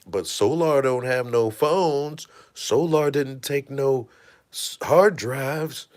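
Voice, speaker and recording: A man hosting a casual livestream, retelling events in an animated, profane storytelling manner and thanking viewers. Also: mid-range voice, takes it slowly. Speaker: host.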